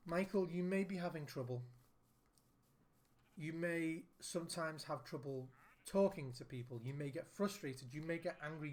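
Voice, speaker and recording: A man with a slightly higher voice than usual for a man speaks earnestly to the camera as a gaming video host. He is a father who repeats his points to drive them home. A faint noise runs behind him. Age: adult, father of a young son. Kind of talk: earnest heartfelt talk to camera.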